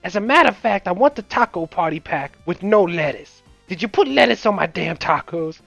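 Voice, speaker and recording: A brash young guy shouting his order at a drive-thru, high and loud, with a showy put-on accent, as a man mimics him. The audio is dull and lo-fi, with faint game music behind. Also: animated, brisk, creaky, no room sound, full character voice.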